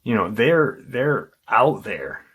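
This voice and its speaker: A man hosting a paranormal channel, casually retelling a witness's encounter in a halting way, with frequent ums and restarts. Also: medium pitch, big pitch swings, fairly bright tone, slightly rough.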